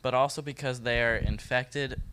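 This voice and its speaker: A man leading a Bible study for a group, reading verses and explaining them in a relaxed, joking way, talking straight to his listeners. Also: mid-range voice, normal speed, slight background noise. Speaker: youth Bible study leader. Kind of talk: casual Bible teaching talk.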